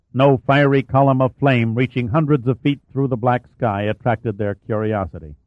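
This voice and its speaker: A man narrates an audiobook in a steady, measured way, his voice sitting at an ordinary middle pitch. He drops to a quieter tone for the characters' lines. The recording is close and dry, with a slightly dull top end. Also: no echo. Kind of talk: scripted narration.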